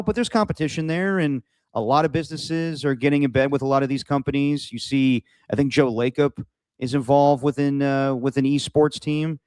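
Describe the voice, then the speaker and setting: A man's voice: mid-range voice, darkish tone, clear, resonant tone, no echo. A man co-hosting a sports podcast in casual chat, rambling with many "like"s and restarts. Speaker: podcast co-host.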